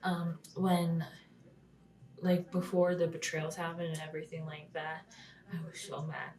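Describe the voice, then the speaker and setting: A woman's voice: on the low side, monotone, unhurried, a little mellow, recorded from a distance, poor audio. A young woman talking through a casual vlog recap, chatty with lots of "like", often dropping to a whisper and swearing. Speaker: wrestling vlogger.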